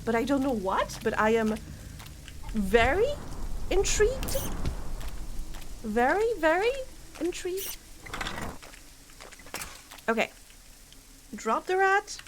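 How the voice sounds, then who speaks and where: A woman's voice: high voice, sing-song, slow pace, pauses often, background noise. A woman streaming a game, chatting casually and thinking aloud with frequent giggles. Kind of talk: casual gameplay commentary. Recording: clear game music underneath. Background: game music.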